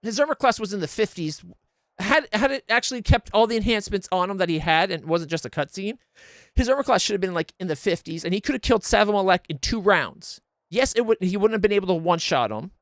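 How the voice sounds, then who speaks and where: A man's voice: high-pitched, animated, quick pace, dry recording, studio quality. A man streaming a game blind, ranting in exasperated, profane casual commentary into a desk mic.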